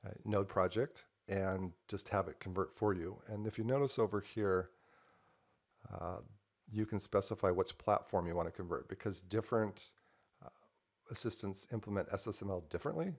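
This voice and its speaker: This is a casual screen-share tutorial in which a man with a gravelly, low voice demos his software project from his desk at a moderate pace. He explains every step while typing, speaking in a loose, conversational way peppered with frequent ums and uhs.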